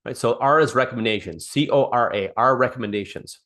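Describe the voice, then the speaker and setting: A man's voice: medium pitch, a little fast, fairly bright tone. A man coaching a small group on sales over a call, talking off the cuff, repeating and restarting phrases and acting out sample dialogue. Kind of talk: live online coaching session.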